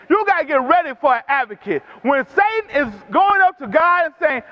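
A man's voice: very high-pitched, very animated, brisk, few pauses. A man preaching a sermon, repeating phrases in a rhythm that rises to emphatic calls, on a dull lo-fi recording.

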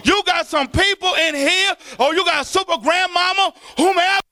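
A middle-aged man, preaching a sermon in a church in an impassioned, sing-song cadence that often rises to shouts. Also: very high voice, moderate pace, slight background noise. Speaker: pastor.

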